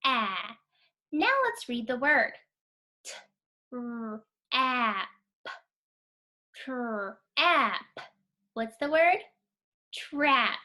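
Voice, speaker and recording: A woman teaching a phonics lesson to young children, sounding out words slowly, clearly and encouragingly. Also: sits high, pushed and bright. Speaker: kindergarten teacher.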